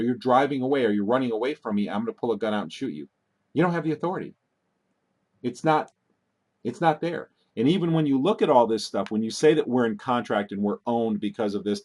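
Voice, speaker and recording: A man's voice: medium pitch, darkish tone. A man hosting a call-in talk show, rambling and getting worked up, with many restarts.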